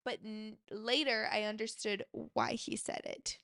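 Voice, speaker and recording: In a dry, studio-quality recording, a young adult woman hosts a podcast and tells a story casually, speaking straight to her listeners and peppering her talk with "like." Her voice is a little high, gravelly and fairly bright, with a flat, unhurried delivery.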